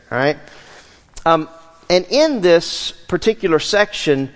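A man preaching a verse-by-verse sermon as pastor, animated and asking the congregation questions. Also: a little high. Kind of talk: expository sermon. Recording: long hall reverb.

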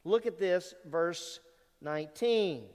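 In a church sanctuary with a long hall reverb, a pastor gives a sermon at a slow pace. His high-pitched voice is a little mellow with lively intonation, and he keeps it conversational, asking the congregation questions.

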